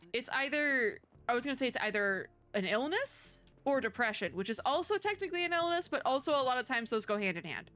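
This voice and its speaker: A young woman streams a narrative game, reading its text aloud and chatting between the lines. She sounds curious and talkative, laughing often. Her pitch leaps upward when something surprises her. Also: a bit bright. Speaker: streamer playing a story game. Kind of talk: casual gameplay commentary, reading on-screen text aloud.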